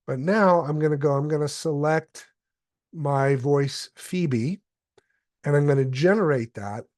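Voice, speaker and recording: A man's voice: fairly high pitch, a little slow, dry recording. Man giving a dry, close tutorial. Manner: explanatory, steady, with occasional fillers. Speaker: presenter. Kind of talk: software tutorial walkthrough.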